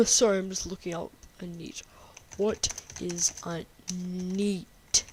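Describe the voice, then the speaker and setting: A woman's voice: lowish voice, takes it slowly, background noise. A woman giving casual, sarcastic gameplay commentary and reading game text aloud, swearing freely. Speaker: game streamer.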